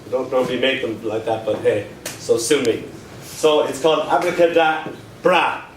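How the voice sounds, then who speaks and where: A man doing a live poetry reading with dry, deadpan humor, slowing right down to recite his lines. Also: mid-range voice. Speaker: performance poet. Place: live performance at a pub club night. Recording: echoey room, distant mic, noisy.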